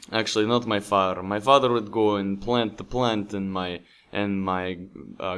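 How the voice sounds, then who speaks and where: Man doing a Russian guy, put-on Russian accent, halting, low, slow. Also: fairly bright tone, clear, resonant tone. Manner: hesitant, halting, trailing off. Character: Russian man recalling grandmother's dacha cooking.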